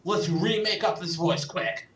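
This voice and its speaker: Low-voiced woman trading teasing jokes. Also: a little slow, a little hiss or hum. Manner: teasing, jokey back-and-forth. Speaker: let's play co-host. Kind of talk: joking banter while playing a game. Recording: echoey room.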